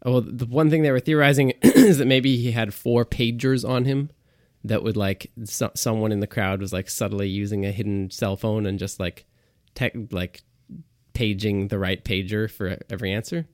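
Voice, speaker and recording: A man's voice: on the low side, steady tone, moderate pace, darkish tone, no echo. Give me a joking man on a podcast, recorded close and dry. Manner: joking, tangent-prone. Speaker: podcast co-host. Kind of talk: casual banter.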